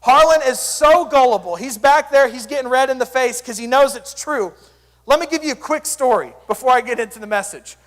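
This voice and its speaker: A young man speaking as a youth pastor, giving an energetic, joking sermon full of stories. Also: extremely high pitch, a little fast, long reverb tail. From Sand Springs area, US.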